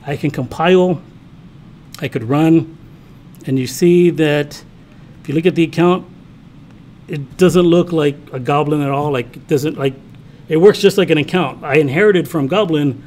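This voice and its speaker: A college programming instructor gives a classroom lecture with live coding, talking casually, thinking aloud and muttering to himself as he types, often checking in with students. His voice is fairly high-pitched with a darkish tone.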